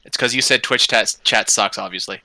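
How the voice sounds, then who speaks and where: A man's voice: lowish voice, a little fast, gravelly, bright, forceful tone, no echo. A man with a Canadian accent joking and teasing in casual livestream chat.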